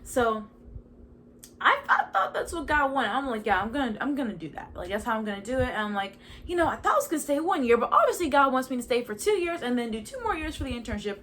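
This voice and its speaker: Young woman, higher-pitched, casual and animated storyteller recorded at home with faint background noise. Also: fast. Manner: chatty, animated storytelling with frequent "like". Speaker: podcast host. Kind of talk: casual personal testimony. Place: at home in a chair indoors.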